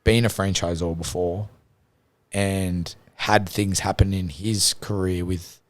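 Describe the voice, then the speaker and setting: A man's voice: low voice, fairly even intonation, slow, dry recording. A man as a podcast guest, sharing an earnest, reflective story in casual chat.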